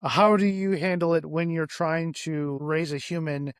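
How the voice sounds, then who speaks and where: A man's voice: on the high side, fairly even intonation, unhurried, clean tone, no room sound, clean studio sound. A man hosting a parenting podcast, enthusiastic, asking long questions he often restarts. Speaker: podcast host. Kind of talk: casual podcast interview.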